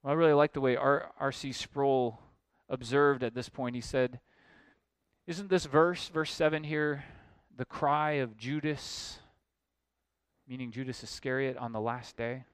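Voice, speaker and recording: A man preaching an expository sermon, emphatic and building to forceful points. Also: mid-range voice, steady tone, a little slow, clean tone, no room sound. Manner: emphatic, rising to forceful exclamations.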